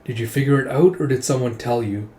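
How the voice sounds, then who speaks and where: Man reading older woman scientist, dry, precise, mid pitch, echoey room. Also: fast, mellow, close to an everyday voice. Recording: roomy echo.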